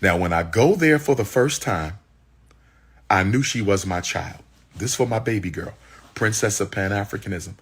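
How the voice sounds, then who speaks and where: A man's voice: lowish voice, animated, normal speed, breathy edge. A man telling an audience his personal story in a heated, exclaiming way, repeating phrases for emphasis. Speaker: public speaker.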